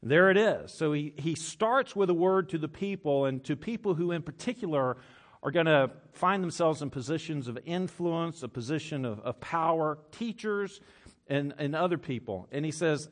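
A man's voice: on the high side, expressive, normal speed. A male pastor giving a conversational sermon to a congregation, often restarting his phrases and reading scripture aloud. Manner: conversational, self-correcting, reads old scripture aloud. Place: church with congregation.

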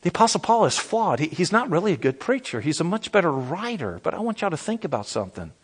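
A middle-aged man preaching a sermon as pastor, animated and repetitive, asking the audience questions. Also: fairly high pitch, fast talker, slightly rough.

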